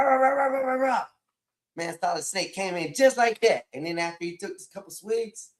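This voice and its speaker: A man hosting a casual livestream, rambling and repeating phrases as he talks to his chat. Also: a little high. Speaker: livestream host.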